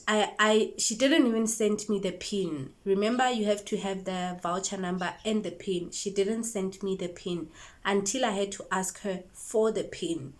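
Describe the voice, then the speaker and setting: A woman with a South African accent, a YouTuber and make-up artist telling a storytime vlog in a lively way, acting out the conversations she recounts. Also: medium pitch.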